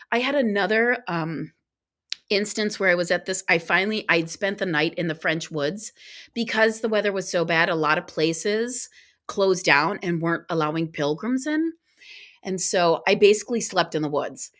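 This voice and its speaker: A woman guest on a podcast, telling a travel story in casual conversation, talking in quick bursts with restarts. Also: medium pitch. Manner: animated, acts out quoted dialogue.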